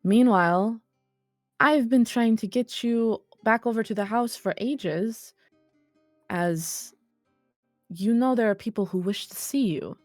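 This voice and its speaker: A woman voicing a stern, quiet noble mother who speaks in a commanding way. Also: a little high, slow pace, pauses often, no echo, soft background music, voice pushed up. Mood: scolding.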